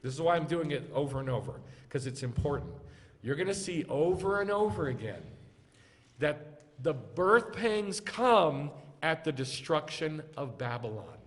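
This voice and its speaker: A man's voice: on the high side, sing-song, moderate pace. A rabbi teaching scripture to his congregation, pressing them with repeated questions and urging them to answer aloud. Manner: drilling call-and-response, urging listeners to answer aloud. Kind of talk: interactive scripture lesson. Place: congregation meeting hall. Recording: long reverb of a large room.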